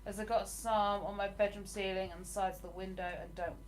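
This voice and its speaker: A woman's voice: mid-range voice, level tone, fairly quick. A young woman, talking to her viewers on a live stream from her living room. She reads comments aloud and answers them in a chatty, rambling way, with a voice in the middle of the female range. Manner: chatty and rambling, with frequent ums.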